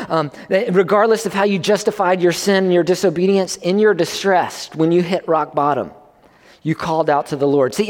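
A man preaching a sermon as a pastor, talking conversationally and pushing his pitch up to stress his points. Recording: long reverb of a hall.

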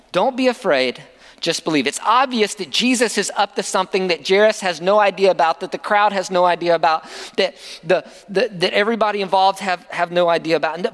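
A man's voice: high-pitched, fairly bright tone, in a large hall. A man preaching a sermon as a pastor, conversational, with many rhetorical questions to the congregation.

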